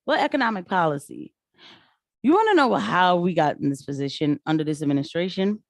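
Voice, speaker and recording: Woman vlogger ranting, lowish voice, dry close mic, gets loud and high when riled. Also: fast talker, no room sound. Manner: animated, rants with rising pitch when riled. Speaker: political commentary vlogger. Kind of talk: casual political commentary.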